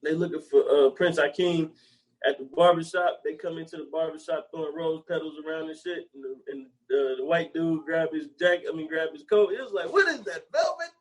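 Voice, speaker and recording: An animated young man, recounting favorite comedy scenes in casual, profane chat. His voice sits a bit high for a man, and he keeps jumping into loud, squeaky impressions of the characters. He sounds like a podcast co-host riffing with a friend. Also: brisk, low-quality recording.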